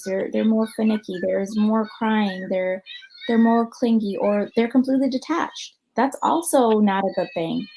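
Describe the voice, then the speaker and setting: A woman's voice: medium pitch, dark tone, a little hiss or hum, low-quality recording. Chatty American woman psychologist on a call. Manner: conversational, thinks aloud with many ums and you-knows. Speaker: clinical psychologist. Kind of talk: conference talk answering questions.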